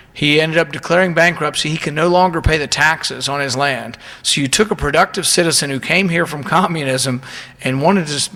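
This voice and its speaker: Male politician at the podium, indignant and emphatic, bright forceful voice, reverb from a big hall. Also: a little high. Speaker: politician giving a speech. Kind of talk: public speech.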